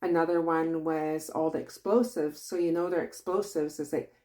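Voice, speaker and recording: A woman with a thick Kwak̓wala-influenced English accent, teaching in a casual vlog, unhurried and loose with plenty of fillers. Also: low voice, fairly even intonation, mellow. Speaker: language teacher.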